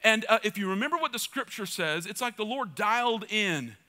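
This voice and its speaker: Bright high-voiced preaching man. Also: expressive, brisk. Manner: passionate preaching, swinging between loud urging and soft asides; repeats phrases for emphasis. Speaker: pastor. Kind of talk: sermon.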